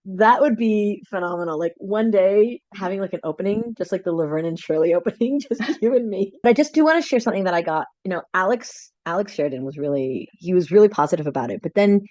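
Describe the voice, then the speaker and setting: A woman's voice: medium pitch, expressive, fast, hardly any pauses, warm tone, no room sound, lo-fi sound. A woman co-hosting a podcast in casual chat over a video call, enthusiastic and laughing often. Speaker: podcast co-host.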